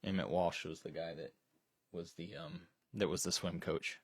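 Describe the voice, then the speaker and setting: A man's voice: low-pitched, fairly even intonation, moderate pace, husky, no echo, studio quality. A man co-hosting a casual movie chat on a live stream, rambling with many restarts and fillers. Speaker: co-host. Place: storage shed.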